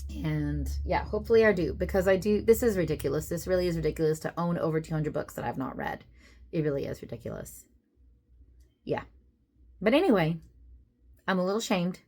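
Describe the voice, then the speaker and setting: A woman book vlogger chatting casually to camera, self-deprecating, with many fillers. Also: fairly low pitch.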